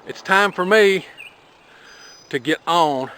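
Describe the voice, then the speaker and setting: A man explaining how he plants his corn in a relaxed, folksy step-by-step way, talking to the camera outdoors on his farm. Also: sits high, slow, clear, resonant tone. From Appalachia. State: out of breath after planting. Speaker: homesteading vlogger.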